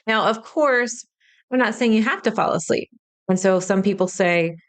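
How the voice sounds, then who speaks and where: A woman's voice: mid-range voice, normal speed. A woman hosting a solo spiritual podcast, talking straight to the listener in a chatty, reassuring way. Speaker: podcast host, spiritual teacher. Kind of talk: casual solo podcast talk.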